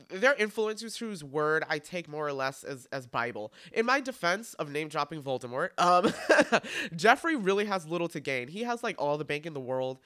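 A man in his twenties hosts a solo podcast, dishing out sassy, campy, profane commentary. His voice is bright and crisp, with a smooth, clean tone. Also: a little high. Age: 20s. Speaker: podcast host.

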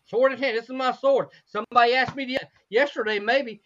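A hoarse woman with a cracking voice leads a fervent Bible study, repeating phrases and asking rhetorical questions. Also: on the high side, steady tone, brisk, a bit bright, highs cut off.

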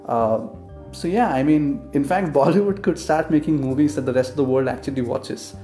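A man from India hosting a solo podcast monologue. He is opinionated and often fills pauses with "uh" and "you know". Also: on the high side, mellow. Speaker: podcast host. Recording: roomy echo with faint guitar music.

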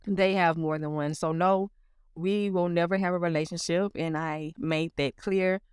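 A woman's voice: lowish voice, fairly even intonation, normal speed, darkish tone, clear, resonant tone, no room sound, clean studio sound. A woman giving a personal spiritual testimony in an earnest way, calling the listener honey. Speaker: testimony speaker.

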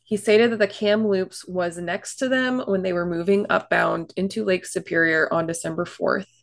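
A woman's voice: on the low side, steady tone, normal speed, vocal fry. A woman co-hosting a casual podcast, chatty, recounting history with fillers and asides. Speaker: podcast co-host telling a shipwreck story.

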